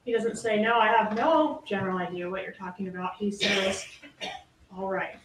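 A woman's voice: mid-range voice, fairly even intonation, moderate pace. Emphatic female prosecutor in an echoey courtroom. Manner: pointed, emphatic, rhetorical questions. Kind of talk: courtroom closing argument. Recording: echoey, distant courtroom audio with faint noise.

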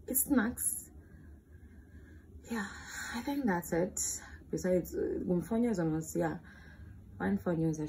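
A woman's voice: mid-range voice, creaky, a little hiss or hum. A young woman in her late teens with a South African accent, chatting candidly and playfully in a casual question-and-answer vlog. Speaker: vlogger.

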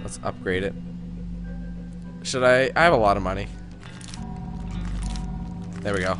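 A man's voice: lowish voice, a little slow. A man giving casual, joking commentary while playing a video game, swearing now and then. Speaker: gamer. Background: game music.

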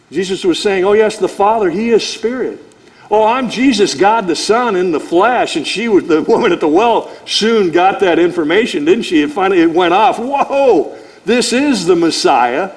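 High-voiced pastor teaching scripture. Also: male voice. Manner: animated, acts out God's voice and conversational asides. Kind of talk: verse-by-verse Bible teaching.

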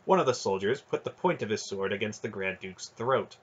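Male fantasy audiobook narrator, low husky voice, muffled lo-fi recording. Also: brisk. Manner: dramatic storybook narration, expressive. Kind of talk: fan audiobook reading.

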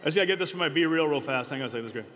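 Middle-aged man telling stories to a youth crowd, slightly high, joking, in a long-reverb hall. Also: racing, very noisy. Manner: animated, joking, conversational, many fillers. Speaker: youth conference speaker. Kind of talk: energetic storytelling talk to a youth audience. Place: large conference hall.

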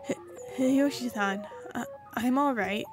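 Brief: a woman playing a scared young girl, hesitant and stammering, fairly high voice, faint music behind. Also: slow. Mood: uneasy. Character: young girl, frightened and confused.

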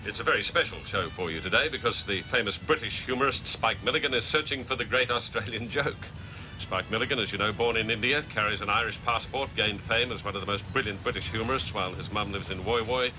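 Brisk radio talk show host man. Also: lowish voice, over music. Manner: brisk, announcer-like. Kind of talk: radio talkback hosting.

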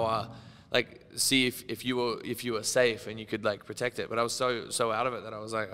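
A man's voice: medium pitch, level tone, fast, bright, forceful tone, smooth, big-room sound. A young Australian man in his twenties, a podcast guest telling wild stories in casual chat, rambling and swearing as he acts out what people said. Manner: rambling storyteller, swearing and laughing, acting out quotes.

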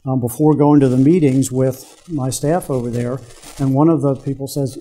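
An older man giving a guest lecture to students, telling business stories from his career and pausing to quiz the audience. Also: mid-range voice, fairly even intonation, warm tone. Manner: anecdotal, quizzes the audience. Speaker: guest speaker, business executive. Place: university lecture room.

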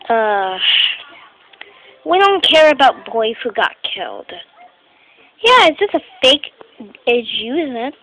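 A woman voicing teenage doll characters in a homemade skit, talking in a halting, rambling way and often clearing her throat. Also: a little high, big pitch swings, heavy background noise.

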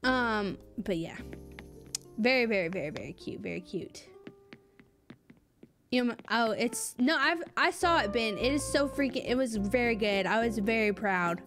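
A bubbly woman streaming a game, her voice sitting on the higher side as she gushes and thanks her viewers by name. She keeps up easy, casual chatter throughout. Soft game music plays faintly behind her. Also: normal speed. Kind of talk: casual live-stream chat.

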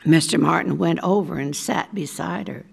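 An older woman reading a short story aloud in a measured, deliberate way. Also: deep voice, vocal fry, breathy edge. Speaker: resident reader.

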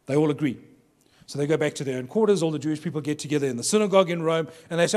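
A man from Durban, South Africa, speaking at a workshop for pastors, rattles off humorous anecdotes in rapid-fire fashion to a live crowd in a large hall, playing the people he quotes. His voice is fairly high with a darkish tone, and long hall reverb surrounds it.

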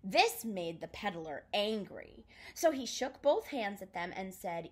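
A woman's voice: mid-range voice, a little slow, hardly any pauses, breathy edge. A woman art teacher reading a picture book aloud, then starting a drawing lesson. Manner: expressive, sing-song storytelling.

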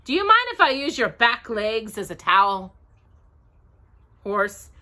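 A woman reading a children's storybook aloud, voicing a fussy, chatty male rabbit in a brisk way. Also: a little high, big pitch swings, sharp tone, exaggerated voice.

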